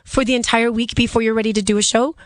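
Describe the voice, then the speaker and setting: Woman, middle-aged, raspy, hoarse from laryngitis, somewhat high voice, earnest talk radio host. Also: fairly even intonation, fast talker, dry recording. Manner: chatty, earnest, pleading.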